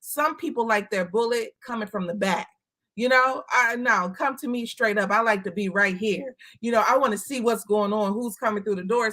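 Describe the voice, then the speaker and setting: A woman's voice: medium pitch, sharp tone. A woman from Chicago talking candidly in a casual chat, emphatic and blunt, swearing now and then. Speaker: co-host.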